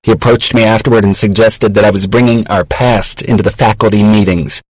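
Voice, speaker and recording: A candid, wry woman professor in her thirties pours out confessional, self-mocking messages, voiced by a man. The voice sits low and dry, with no room around it. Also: steady tone, fairly quick, no room sound, natural voice, poor audio. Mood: wry, confiding.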